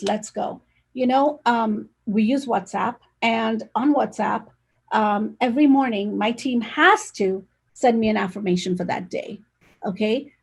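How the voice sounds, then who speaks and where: An energetic, emphatic woman talking over a video call. Her voice sits a little high, with a husky, breathy edge and a gravelly fry, and she drives her points home with direct force. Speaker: real estate agent, guest. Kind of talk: casual conversational interview.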